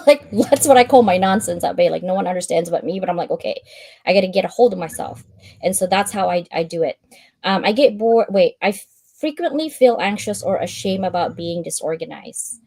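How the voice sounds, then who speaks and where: A woman hosting a live stream, reading out a checklist and chatting in an animated way, laughing often and acting out her own thoughts. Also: lowish voice, brisk, vocal fry, no room sound.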